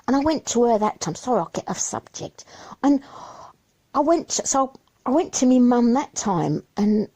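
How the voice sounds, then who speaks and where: A woman's voice: a little high, dark tone. A woman giving a rambling, worried confessional monologue about her family, repeating herself and restarting her sentences. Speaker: mother sharing her troubles.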